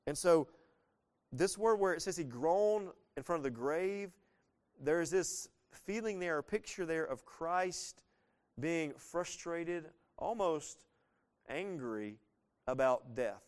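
A man's voice: fairly high pitch, lively intonation, takes it slowly, a little mellow. A man in his thirties, a pastor giving a casual, earnest verse-by-verse sermon with sudden swells of emphasis.

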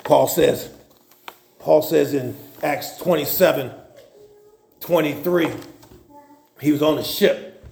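A man preaching a sermon, telling Bible stories in a lively, folksy and humorous way. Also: a little high, slow pace, creaky, pauses often, slight background noise. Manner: animated, folksy storytelling with humor. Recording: roomy echo.

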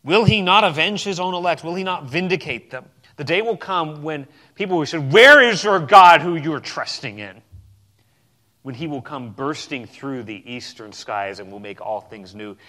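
A pastor preaching a sermon with emphatic swings between loud declarations and quiet, low passages. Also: male voice, moderate pace.

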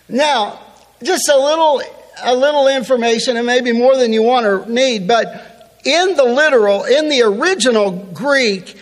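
A man's voice: extremely high pitch, fairly bright tone, long reverb tail. A man preaching a sermon, building emphasis and reading scripture aloud. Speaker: pastor.

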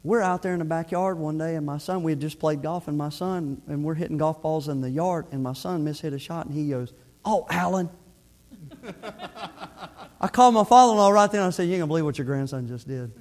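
A middle-aged man preaching a sermon, his voice sitting a little higher than most men's. He talks earnestly and conversationally to his congregation, often restarting his sentences as he reaches for the point. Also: fairly even intonation, quick pace, hardly any pauses, warm tone. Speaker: pastor.

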